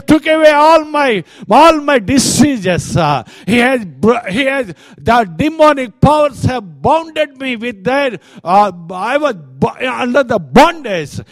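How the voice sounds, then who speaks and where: A man's voice: very high-pitched, dry recording, voice pushed up, full character voice. An Indian man voicing a grown man who has been freed from demons, fervent and grateful, with rising, impassioned delivery.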